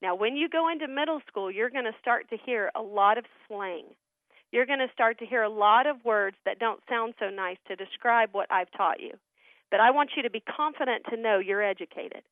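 A woman's voice: fairly high pitch, normal speed, no echo. Earnest woman on a tinny phone line. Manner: earnest, animated storytelling. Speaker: guest, ministry founder. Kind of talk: storytelling in a radio interview.

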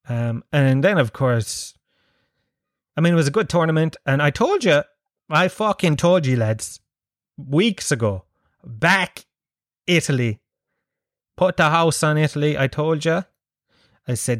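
A man's voice: a little high, expressive, measured pace, pauses often, no room sound, studio quality. An Irish man hosting a show, riffing through a casual monologue of profane, joking, rambling banter. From Ireland.

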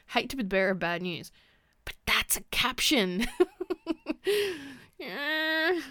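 A woman's voice: a little high, lively intonation, unhurried, pushed and bright, no echo. A woman hosting a casual solo podcast, talking frankly, swearing and laughing often. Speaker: podcast host.

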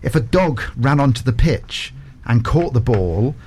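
A male radio presenter asks chatty questions in a lively, sing-song voice, reading out questions sent in by listeners. He keeps the exchange moving with quick follow-ups. A faint hiss runs under the voice. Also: mid-range voice.

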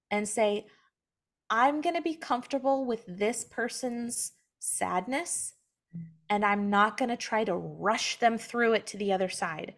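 A young woman with a fairly high voice talks earnestly in a relaxed conversation about faith. She speaks openly and personally, and she livens up when she acts out other people's words. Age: young adult. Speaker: guest, mother sharing her story.

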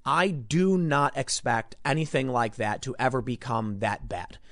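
A man's voice: mid-range voice, unhurried, fairly bright tone, no room sound, studio quality. A man from Chicago giving an emphatic, rambling commentary on news stories, often repeating himself as he talks. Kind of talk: opinionated news commentary monologue.

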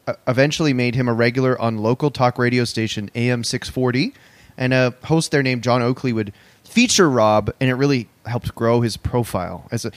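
A man's voice: medium pitch, no echo. A man hosting a comedy podcast, rambling through a story with lots of "um"s and frequent laughter. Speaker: podcast host. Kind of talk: casual comedic chat.

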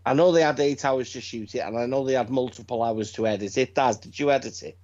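A middle-aged man, chatting casually as a podcast co-host and telling stories in an animated, sweary way. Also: medium pitch, fast. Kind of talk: casual chat. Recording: dull lo-fi sound.

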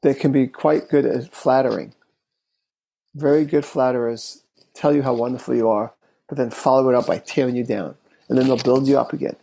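A man who works as a therapist, recounting a case as an interview guest in an unhurried, thoughtful way, speaking in short phrases. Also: medium pitch, creaky, mellow, slightly rough, low-quality recording. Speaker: therapist and relationship expert.

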